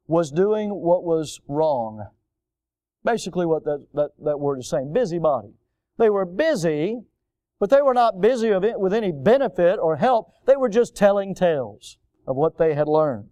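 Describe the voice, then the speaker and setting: An older man preaching a sermon in a church, animated, with mocking voices for the people he quotes. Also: high-pitched, measured pace, dry recording. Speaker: pastor.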